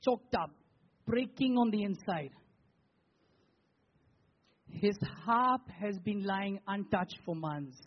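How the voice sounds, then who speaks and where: Man, pastor, preaching, rhetorical questions, high pitch, muffled lo-fi recording. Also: slow pace, pauses often. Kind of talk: sermon.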